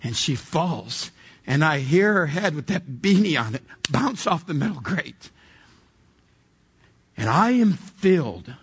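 Male pastor, husky, a bit high, sermon storytelling, acts out dialogue. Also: big pitch swings, takes it slowly. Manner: vivid storyteller who acts out dialogue, then earnest preaching.

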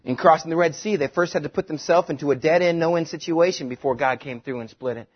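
A male pastor preaching a sermon, animated, slipping into quick voices to act out the people in his stories. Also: fairly high pitch, slightly rough, dull audio. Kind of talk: sermon with comic retelling.

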